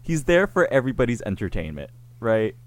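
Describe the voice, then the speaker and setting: A man's voice: mid-range voice, very animated, fairly quick. A man co-hosting a podcast in casual chat, joking around and laughing often. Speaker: podcast co-host.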